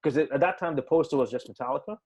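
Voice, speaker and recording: A man's voice: a little high, racing, husky. A man in a casual interview, telling a story with lots of swearing and acting out the dialogue. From United Arab Emirates. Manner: animated, swearing, acts out quoted dialogue. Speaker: musician guest.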